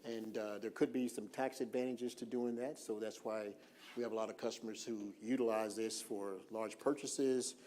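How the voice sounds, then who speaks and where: Relaxed man giving a money talk. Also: on the low side, a little hiss or hum. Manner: relaxed, lots of "uh" fillers, slows down deliberately for emphasis. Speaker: financial workshop presenter. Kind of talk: informal seminar talk. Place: church hall.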